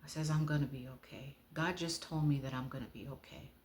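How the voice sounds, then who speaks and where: A woman giving a personal testimony, speaking in a heartfelt way and often dropping to a hush. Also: extremely low pitch, fairly even intonation, brisk, a little hiss or hum. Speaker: speaker sharing her testimony.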